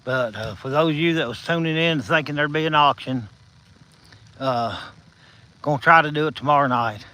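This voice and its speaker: A livestream host with a Southern accent talks folksily to viewers by name, encouraging them as he walks outside at night with insects behind. He's a little out of breath and slurs a bit without his top teeth. His fairly high, sharp voice keeps a moderate pace with long pauses, on a low-quality recording with slight background noise.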